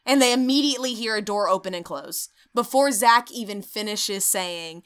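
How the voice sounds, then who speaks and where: A woman hosting a podcast, recapping a ghost-hunting show in an animated, sarcastic way and swearing freely. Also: medium pitch, normal speed, few pauses, smooth. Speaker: podcast host. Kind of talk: comedic storytelling recap.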